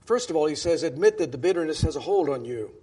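A man's voice: fairly high pitch, animated, quick pace, mellow, husky. A male pastor preaching a sermon in a conversational way, often restarting phrases and stressing quoted scripture. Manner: conversational, with many restarts and emphatic quoting.

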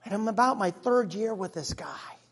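A man playing an earnest, excitable disciple who tells his own story in a church monologue, chatty with sudden hushes and bursts. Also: high-pitched, moderate pace, slightly rough, exaggerated voice. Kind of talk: first-person dramatic monologue. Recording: long reverb of a large hall.

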